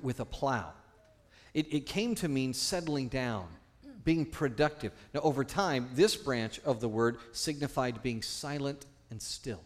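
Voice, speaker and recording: A man preaching a sermon as pastor, teaching and questioning the congregation, swinging between loud emphasis and hushed tones. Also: mid-range voice.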